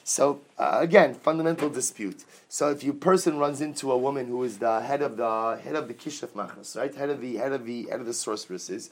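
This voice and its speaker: A man leads a lively Talmud class. He reads short Aramaic phrases and explains each one in English with animated energy. Now and then he jokes with his students. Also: medium pitch, brisk, few pauses. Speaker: Talmud teacher.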